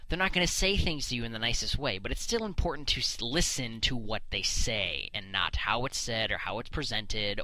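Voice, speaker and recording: Solo commentary host, male, ranting bluntly into a desk mic; very bright tone, lively swooping pitch. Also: no echo, rough recording. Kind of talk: unscripted opinion monologue. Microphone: desk microphone.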